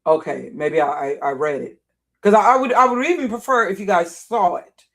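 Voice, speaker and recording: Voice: mid-range voice, animated, normal speed, fairly bright tone. A live streamer in casual, off-the-cuff commentary, talking through what's on the screen. The speech circles back on itself with repeated words and restarts. There is a rising exasperated edge throughout. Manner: thinks aloud, repeats and restarts phrases, grows agitated.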